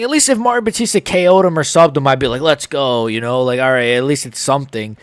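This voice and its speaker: A man's voice: mid-range voice, fast talker, no echo. A young man hosting a live fight reaction, ranting heatedly and swearing. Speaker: MMA channel host.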